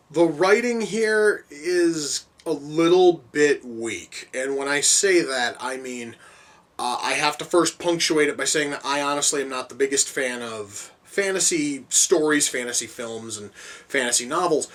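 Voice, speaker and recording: A man's voice: fairly high pitch, a bit bright, far from the mic. Rambling man reviewing a film. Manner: rambling, many restarts and fillers, mild swearing. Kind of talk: casual spoken film review.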